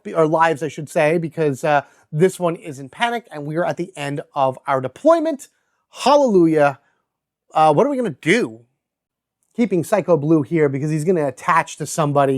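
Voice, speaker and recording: A man with a high voice hosts a solo board game playthrough. He chats casually, thinking out loud about his moves and reading card text aloud as he plays. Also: expressive, normal speed. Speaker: host.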